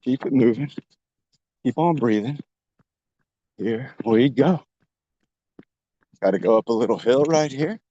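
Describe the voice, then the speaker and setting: Upbeat fitness coach, dry close sound. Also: male voice, medium pitch, measured pace, pauses often, warm tone, no room sound, dull audio. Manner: encouraging, talks while running outdoors. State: a little out of breath. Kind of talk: coaching a workout while jogging. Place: outdoors on a trail.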